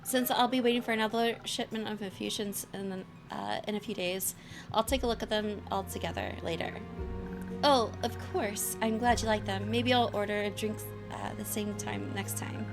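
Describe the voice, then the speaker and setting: A woman streamer reading game dialogue aloud in a playful, gentle manner on a live stream. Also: medium pitch, moderate pace, over music.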